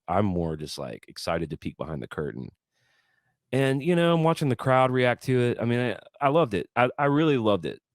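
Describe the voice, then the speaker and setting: A man with a fairly low voice chats on a podcast as a guest musician, his pitch rising and falling a lot as he gets carried away. He often stammers and repeats words as he tells his stories. The sound is close and dry. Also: no room sound. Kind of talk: casual storytelling chat.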